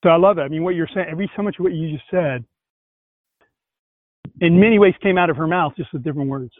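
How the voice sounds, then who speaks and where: A man with a fairly high voice tells a story with animated enthusiasm. The video call makes him sound tinny and narrow. There is no room echo and the sound stays close and dry. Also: fast. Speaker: host. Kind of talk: casual conversation.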